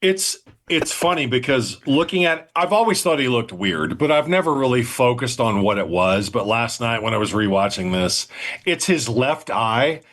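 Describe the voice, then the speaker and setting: A man's voice: medium pitch, animated, normal speed, fairly bright tone. A man co-hosting a casual movie review podcast, blunt and profane in his opinions. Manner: blunt and profane, emphatic agreement. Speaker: podcast co-host.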